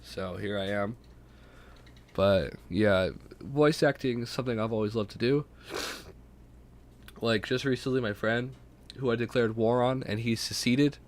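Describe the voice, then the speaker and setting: A man's voice: mid-range voice, a little slow, pauses often. Congested young man rambling on a podcast. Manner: rambling, self-deprecating, profane. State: sick, congested. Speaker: podcast host. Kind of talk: casual solo podcast talk.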